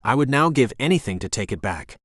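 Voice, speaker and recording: A young adult man narrating a first-person romance audiobook in a measured, anxious inner voice. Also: mid-range voice, lively intonation, fairly bright tone, no room sound, studio quality.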